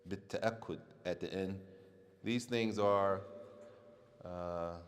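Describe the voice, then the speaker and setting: Low-pitched male teacher giving a relaxed class, stressing points twice, recorded in an echoing hall. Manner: repeats points for emphasis and quizzes the audience. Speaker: religious teacher. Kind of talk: casual classroom lesson. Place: mosque or community center hall. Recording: long hall reverb.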